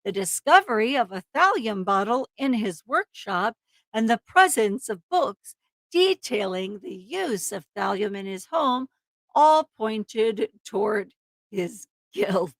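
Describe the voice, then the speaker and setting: A woman's voice: on the high side, sing-song, slow, fairly bright tone, no room sound. A woman co-hosting a livestream, reading a true crime script aloud, tripping over words and breaking into laughs. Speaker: livestream co-host reading a case.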